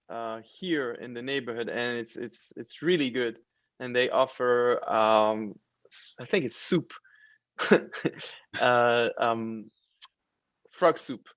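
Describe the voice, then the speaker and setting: A man's voice: mid-range voice, fairly even intonation, slow, fairly bright tone, clean tone. A man from France hosting a casual livestream chat, speaking hesitantly with many fillers. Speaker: host of a French learning community.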